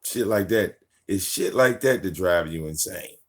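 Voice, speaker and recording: A man in his forties, host of a live stream, telling casual stories about his daughter in a profane, animated way, acting out what people said. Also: low voice, measured pace. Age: 40s. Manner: profane, animated, acts out quotes. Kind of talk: casual storytelling.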